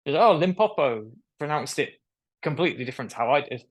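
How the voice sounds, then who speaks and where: A man's voice: mid-range voice, racing. Young man telling a story. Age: young adult. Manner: animated storyteller who acts out quoted voices. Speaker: guest. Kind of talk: casual storytelling interview. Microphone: video call.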